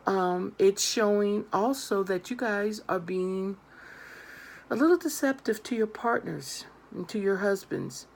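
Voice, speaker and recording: Gravelly, earnest woman tarot reader. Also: medium pitch, animated, measured pace, a little hiss or hum. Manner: earnest, emphatic, addresses viewers directly. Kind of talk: direct-to-camera advice monologue.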